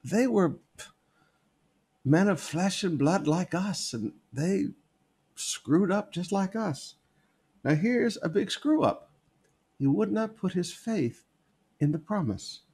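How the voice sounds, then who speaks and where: A man's voice: high voice, expressive, slow, pauses often, darkish tone, husky. A man preaching a sermon, repeating key phrases for emphasis as he reads and explains scripture.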